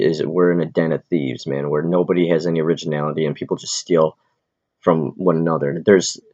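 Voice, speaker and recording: A man who is an aspiring comedian, ranting in a rambling, profane, quick-tempered way as he vlogs in a big city. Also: sits low, darkish tone. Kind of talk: casual rambling rant. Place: big city, in or near Manhattan. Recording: dull lo-fi recording.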